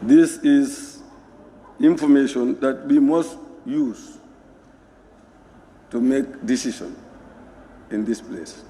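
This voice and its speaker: A man addresses parliament slowly and formally, choosing each word with care. His voice is mellow and dark. The hall carries a long reverb around him. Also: medium pitch, slight background noise. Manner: measured, formal. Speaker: member of parliament. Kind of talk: parliamentary speech. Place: parliament chamber.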